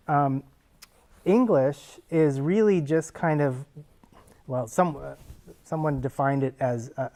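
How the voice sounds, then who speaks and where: A man is teaching a class. He talks in a relaxed, conversational way and builds his points from everyday examples. His voice sits in an ordinary middle pitch. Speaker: linguist answering actors' questions. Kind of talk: casual classroom explanation.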